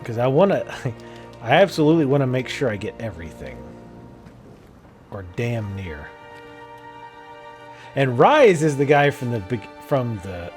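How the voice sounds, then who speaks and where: A man's voice: mid-range voice, darkish tone. A man chatting casually as he plays a video game, musing aloud and laughing often. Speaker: gameplay video host. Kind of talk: casual gameplay commentary.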